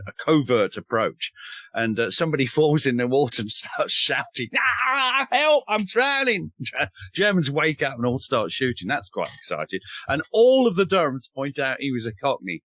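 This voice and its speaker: Eager historian, dry sound. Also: male voice, mid-range voice, animated, normal speed, fairly bright tone, no room sound. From north of England. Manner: enthusiastic, wry humor, mild swearing, frequent restarts. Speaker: historian and author. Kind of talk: casual podcast chat.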